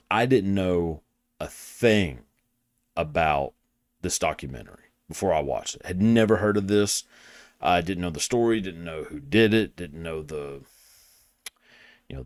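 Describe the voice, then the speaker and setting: A man's voice: low-pitched, dry recording, studio quality. A young man with a Southern US accent hosting a show, rambling casually, swearing a lot and making fun of himself. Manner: crude, rambling, self-deprecating, swears a lot. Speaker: podcast host. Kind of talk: casual monologue.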